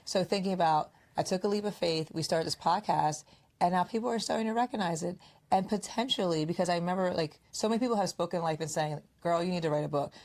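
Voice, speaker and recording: Woman podcast co-host, low voice, casual storytelling, mimics friends' lines. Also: fast. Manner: animated storyteller, acts out quoted friends. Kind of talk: casual conversational podcast chat.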